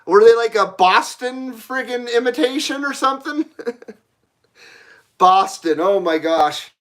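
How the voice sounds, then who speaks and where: Profane, lively-voiced male stream host. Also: extremely high pitch, slow pace. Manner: blunt, profane, laughs often. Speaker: live stream host reading chat. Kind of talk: casual live stream chat.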